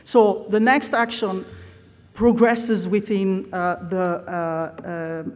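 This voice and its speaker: A woman delivers an academic plenary lecture, explaining examples step by step. She often pauses on "uh" as she searches for words. Her voice carries a long reverb from a large hall. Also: mid-range voice, fairly even intonation, a little mellow. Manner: frequent uh hesitations, explanatory.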